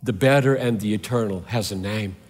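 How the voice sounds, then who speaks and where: A man's voice: lowish voice, fairly quick. A man preaching a sermon with fervor, driving his points home through repeated rhetorical questions. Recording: long hall reverb.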